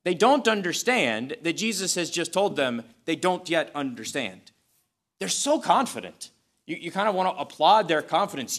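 A man preaches with a somewhat high voice that has a forceful, ringing edge. He leans on repetition to drive each point home and keeps a chatty, lightly humorous tone throughout. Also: big pitch swings, normal speed. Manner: emphatic, repeats phrases for stress; conversational, with touches of humor. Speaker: pastor. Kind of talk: sermon.

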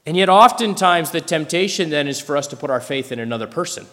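Male preacher, slightly higher voice, expressive sermon delivery, long hall reverb. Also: fast, hardly any pauses. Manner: expressive, dramatizes scripture quotes.

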